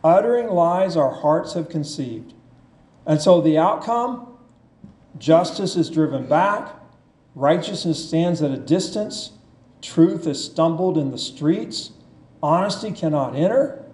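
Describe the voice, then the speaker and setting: A man preaching a sermon, reading scripture aloud and explaining it with slow, emphatic delivery. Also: on the high side, lively intonation, a little mellow. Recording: echoey church room.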